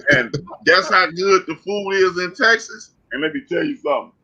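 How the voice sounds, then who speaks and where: Animated bright-voiced man from Chicago. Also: sits high, moderate pace. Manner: animated storyteller, calls out to the chat. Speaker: podcast co-host. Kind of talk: casual chat. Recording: muffled lo-fi audio.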